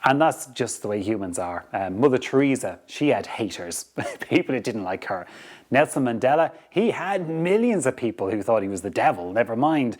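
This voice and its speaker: A man hosting a podcast, giving a motivational talk in an animated way, often repeating words as he restarts. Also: mid-range voice, normal speed. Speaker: podcast host.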